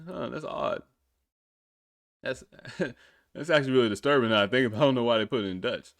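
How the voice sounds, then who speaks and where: A man's voice: medium pitch, fairly quick, creaky, long pauses, fairly bright tone, no echo. A man hosting a podcast, reacting to a music video in casual, blunt, profane talk, often breaking into incredulous laughter. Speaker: podcast host.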